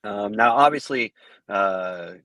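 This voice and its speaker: A man, a fight judge guest, answering interview questions in a halting way full of fillers and restarts. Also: fairly low pitch, sharp tone, no echo. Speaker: MMA judge, podcast guest.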